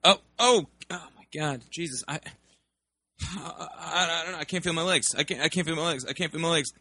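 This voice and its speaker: A nervous young baseball player, played by a man in a comedy sketch. He stammers and frets in a plain, mid-pitched voice with dry, close sound. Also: brisk, dry recording, lightly acted. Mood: panicked. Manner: flustered, hesitant.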